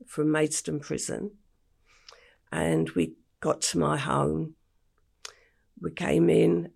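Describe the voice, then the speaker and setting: An older English woman, a podcast interview guest, retelling her past slowly and matter-of-factly with quoted dialogue. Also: low voice, a little mellow. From England. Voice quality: gravelly, husky.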